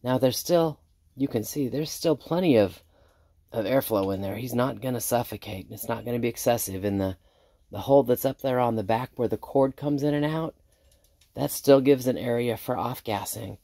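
Woman homesteader, low voice, a little sick, relaxed rambling chat about her chores, dry close sound. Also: normal speed, no echo. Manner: relaxed, rambling with many ums. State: sick, under the weather. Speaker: homestead vlogger. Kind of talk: casual chat while doing chores. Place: outdoors on a small farm.

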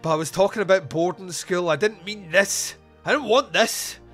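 A man playing a cold, grieving older mother in a podcast retelling, pitched up and loud. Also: moderate pace, soft background music. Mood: distraught. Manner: cold, then wailing.

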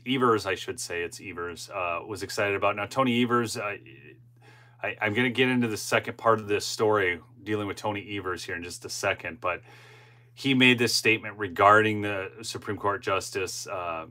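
A man's voice: on the low side, fairly quick, sharp tone. A middle-aged man hosting a political commentary channel, reading news aloud and breaking into impassioned asides with frequent restarts.

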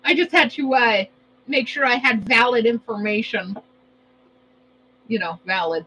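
A woman's voice: on the high side, a little slow, sharp tone, husky, rough recording. A woman chatting casually while cooking, rambling and playful, often correcting herself. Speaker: vlogger.

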